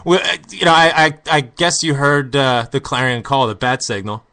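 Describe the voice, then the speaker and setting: Male podcast host, bright edgy tone, hesitant and stammery. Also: mid-range voice, normal speed, clean tone. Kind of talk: casual podcast chat.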